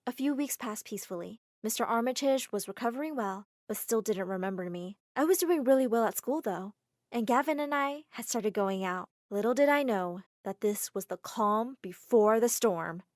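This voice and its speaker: A woman narrating a first-person story in a dramatic, expressive way. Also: a little high, normal speed, no room sound, studio quality.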